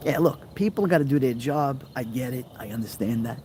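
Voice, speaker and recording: A man's voice: mid-range voice, fairly quick, warm tone, slight background noise. A middle-aged man, hosting a casual live chat and telling rambling stories that act out the people he quotes while answering viewer comments. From New York. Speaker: live-stream host.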